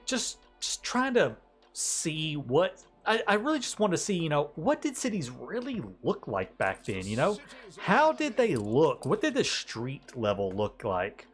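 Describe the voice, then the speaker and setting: A man's voice: on the high side, huge pitch swings, a little slow, breathy edge, soft background music. Chatty American man live-streaming. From United States. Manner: chatty, rambling, greets viewers, laughs often. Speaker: livestreamer. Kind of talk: casual live-stream chat.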